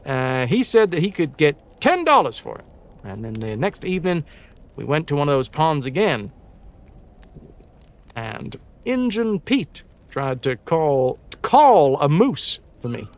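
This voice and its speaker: A man reads old campfire tales aloud for his stream audience, his voice on the high side and swinging widely. He stumbles over words, corrects himself and drops into offhand, swearing remarks before picking the story back up. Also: sing-song, measured pace. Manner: stumbling over words, breaks off for joking asides; casual, swears now and then. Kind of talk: casual live-stream read-aloud of old stories.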